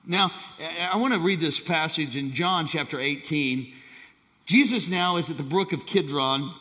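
High, bright-voiced male preacher in an echoing hall. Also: moderate pace. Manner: animated preaching with calls to the congregation. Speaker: pastor. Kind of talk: sermon. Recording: long hall reverb.

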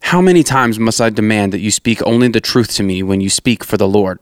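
A man voicing a sharp, demanding king. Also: medium pitch, a little fast, vocal fry, no echo, studio quality, natural voice. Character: angry scheming male king.

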